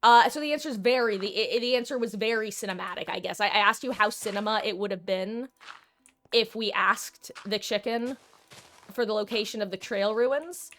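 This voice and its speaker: A woman's voice: medium pitch, normal speed, a bit bright. A woman streaming a video game, chatting casually with her viewers in a dramatic, talkative way as she plays. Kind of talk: casual gameplay commentary.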